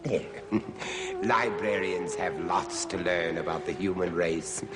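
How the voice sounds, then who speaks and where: An actor playing a theatrical male horror poet who recites in slow rhymes. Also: sits low.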